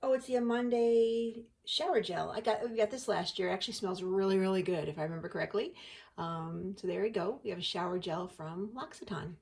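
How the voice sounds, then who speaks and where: A woman's voice: medium pitch, a little fast, vocal fry, darkish tone. A woman hosting a casual unboxing chat, talkative and giggly as she thinks aloud. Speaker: host.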